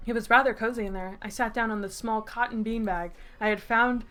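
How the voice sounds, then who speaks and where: Woman, twenties, fairly high pitch, bright tone, sarcastic commentary while reading aloud. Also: steady tone, fast, hardly any pauses, faint music behind. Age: 20s. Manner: laughing, mocking and sarcastic asides. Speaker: YouTuber. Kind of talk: reading her old writing aloud with commentary.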